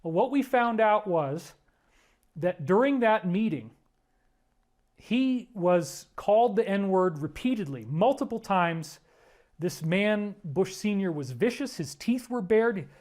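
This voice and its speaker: A middle-aged man with a fairly high voice talks in a long, rambling monologue. He shifts between quiet, hushed asides and heated exclamations. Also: expressive, takes it slowly. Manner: emotional, swings from hushed to exclaiming. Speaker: speaker on conspiracy theories.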